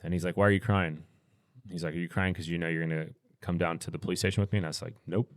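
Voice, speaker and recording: A middle-aged American man, a podcast guest, telling a long anecdote in a relaxed, rambling way. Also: low-pitched, very fast, no echo, studio quality. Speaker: podcast guest, firearms instructor. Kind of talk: casual storytelling in interview.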